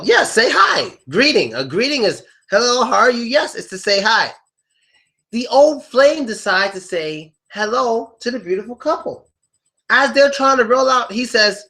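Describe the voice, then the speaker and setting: A man teaching English idioms to a live class in a joking, animated way, acting out quotes in loud, high voices.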